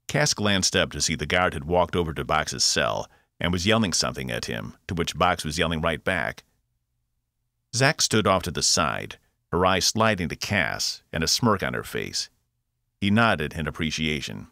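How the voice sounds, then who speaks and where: A man narrating his own science fiction audiobook, expressive and voicing every character. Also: a bass voice, moderate pace, no echo, studio quality. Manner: expressive, voices all characters. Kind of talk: scripted narration.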